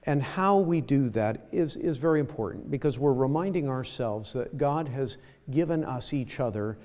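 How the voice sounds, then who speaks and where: A man preaching a sermon as pastor, speaking slowly and haltingly, often repeating his words. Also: mid-range voice, lively intonation, darkish tone, in a large hall. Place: church sanctuary.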